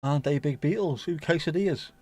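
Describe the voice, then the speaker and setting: A man with a British accent hosting a football watchalong, making jokes and bursting into excitement at the goals. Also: fairly high pitch, fast, no echo. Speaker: watchalong host. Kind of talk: casual live match commentary.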